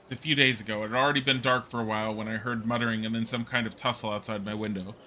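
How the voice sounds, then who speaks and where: A man reading a shaken townswoman witness aloud while streaming a game, with a very bright voice. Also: on the low side, fairly even intonation, racing. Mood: distressed. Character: upset middle-aged townswoman witness.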